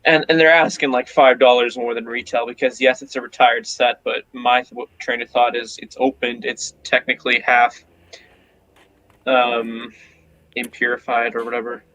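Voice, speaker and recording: A man with a bright, forward voice chats easily as a guest on a livestream. He hedges and circles his points in a relaxed way. Faint noise runs behind him. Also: medium pitch, normal speed, dull audio. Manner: easygoing, hedging with fillers. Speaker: fellow streamer guest. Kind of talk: casual livestream chat.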